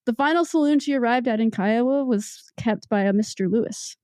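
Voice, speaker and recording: Woman hosting a history podcast, lively, kinda high voice, dry close sound. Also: a little fast, no room sound. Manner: animated, laughs often. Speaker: podcast host. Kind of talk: casual history podcast chat and storytelling.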